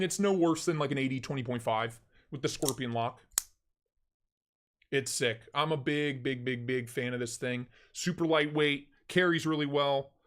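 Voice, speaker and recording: A young man with a fairly high voice chats on a live stream. He talks in an excitable, slangy way and breaks into loud bursts when he retells a story. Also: slight background noise. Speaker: knife channel host. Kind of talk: casual live-stream chat.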